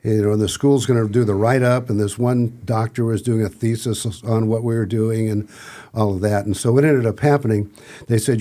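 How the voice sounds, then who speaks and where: A man's voice: fairly low pitch, fairly even intonation, brisk, mellow. A middle-aged man, a podcast guest, telling rambling anecdotes in casual conversation and acting out what others said. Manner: rambling anecdotes with acted-out quotes and restarts. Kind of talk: casual storytelling.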